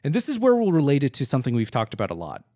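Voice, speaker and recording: A man's voice: mid-range voice, wildly swooping pitch, racing, mellow. A man co-hosting a film commentary podcast, talking through his analysis in a loose, rambling way full of fillers. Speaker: podcast co-host.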